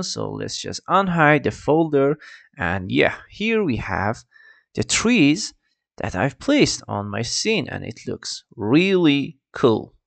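A man walking through a 3D software tutorial, with a casual "I mean" and "let's just" as he goes. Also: medium pitch, gravelly, no echo. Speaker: 3D tutorial creator. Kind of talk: screen-recorded software tutorial.

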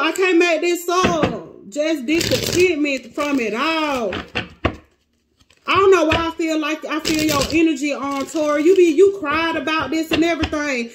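High-voiced tearful woman reading tarot. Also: background noise. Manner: emotional, dramatic, talks to cards and viewers. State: near tears. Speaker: tarot reader. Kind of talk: casual tarot reading to viewers.

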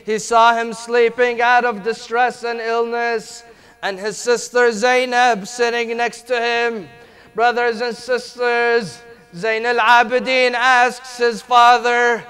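A male preacher reciting a mourning sermon in a slow, lamenting delivery. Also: very high voice, level tone, bright, forceful tone, smooth, faint music behind.

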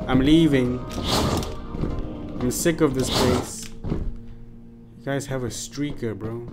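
A man's voice: medium pitch, slow, pauses often. A man from Africa, giving playful, jokey let's-play commentary and talking back to game characters. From South Africa. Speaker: gaming YouTuber. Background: loud game music.

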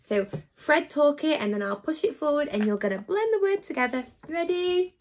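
A woman's voice: high voice, lively intonation, moderate pace. A woman teaching a phonics lesson to young children online, encouraging and sing-song, sounding out letters.

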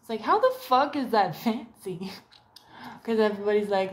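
A woman vlogger speaks at medium pitch and normal speed from her home. Talking to camera, she rambles and curses, drifting between topics and breaking into little put-on voices in quotes.

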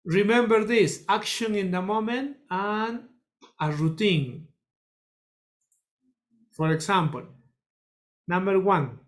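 Slow, drilling English teacher. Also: medium pitch, lively intonation. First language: Spanish. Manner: slow, repetitive drilling, calls on students. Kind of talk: classroom English lesson. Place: school classroom with children.

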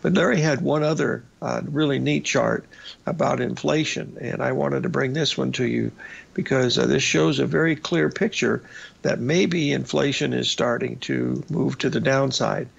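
Raspy, gravelly male market show host. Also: medium pitch, normal speed. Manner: folksy, rambling, frequent "uh" and "folks". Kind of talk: casual market commentary over charts. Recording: slightly dull lo-fi broadcast audio.

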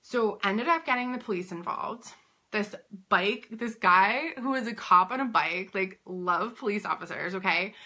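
Talking to camera at a normal speed in a mid-range voice, a woman who owns a boutique and works as a business coach animatedly retells a story. She's chatty and uses "like" in nearly every phrase.

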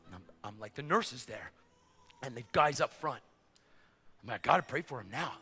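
A middle-aged man preaching, telling a story with acted-out dialogue and bursts of shouting. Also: medium pitch, a little fast, slightly rough. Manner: excitable, acts out dialogue, rising to shouts. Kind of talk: sermon storytelling. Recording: long reverb of a large hall.

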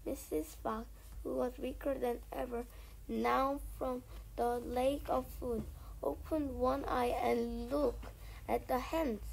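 A woman reading a children's novel aloud in a soft voice that often drops to a near whisper. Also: high-pitched, fairly even intonation, slow, vocal fry, slight background noise, poor audio. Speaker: storybook reader.

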